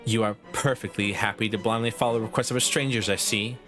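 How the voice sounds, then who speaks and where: A man's voice: on the low side, steady tone, a little fast, over music, close to an everyday voice. A man voicing a haughty woman professor who grades everyone, reading in a prim, lecturing Valley Girl lilt.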